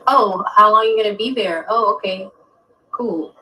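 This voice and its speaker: A man putting on the voice of a jealous, territorial girlfriend in a mocking falsetto. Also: unhurried, sharp tone, exaggerated voice, poor audio.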